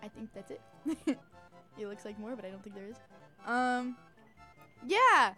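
A woman's voice: a little high, expressive, a little slow, bright, forceful tone, soft background music. A young woman hosting a casual radio show, giggling often while she runs the segment and lists songs. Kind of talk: casual chat on student radio.

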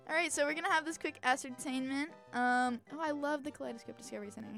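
Young woman host, kinda high voice, giggles a lot, faint music going under her. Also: fast talker, creaky, fairly bright tone. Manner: giggly, laughs often, runs the show. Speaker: radio show host. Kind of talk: casual chat on student radio.

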